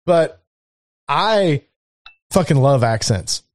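A man's voice: on the high side, expressive, slow pace, no echo. Podcast co-host, an enthusiastic Southern US man with a slightly raised voice, dry close sound. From southern United States. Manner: enthusiastic, swears a lot. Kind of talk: casual chat.

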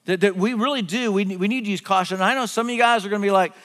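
A middle-aged man preaching a sermon earnestly, often dropping to hushed, drawn-out words for emphasis. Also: sits high. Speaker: pastor. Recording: long hall reverb, faint music behind.

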